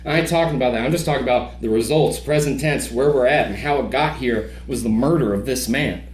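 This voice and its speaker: A man's voice: mid-range voice, brisk, roomy sound, slight background noise. A man talking as a podcast guest in casual conversation, heated, emphatic and profane.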